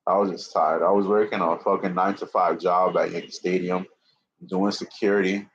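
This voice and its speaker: Twenties guy swearing a lot on a livestream, lowish voice, kinda out of breath, muffled lo-fi audio. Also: little pitch movement, brisk, slight background noise. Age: 20s. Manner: profane, repetitive, restarts often. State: slightly out of breath. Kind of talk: rambling live-stream monologue. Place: indoor room with a fan.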